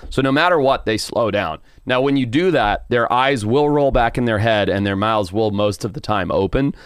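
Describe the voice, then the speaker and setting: A man guest on a podcast telling a wild story in a casual, animated way, swearing and laughing now and then. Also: medium pitch, moderate pace, clear, resonant tone, no echo, studio quality. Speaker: podcast guest, wildlife TV presenter.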